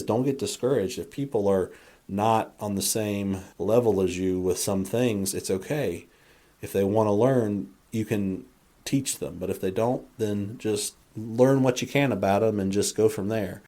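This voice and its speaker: A man's voice: on the low side, warm tone. A man hosting a faith podcast, talking earnestly in a rambling monologue with frequent restarts and self-corrections. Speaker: podcast host.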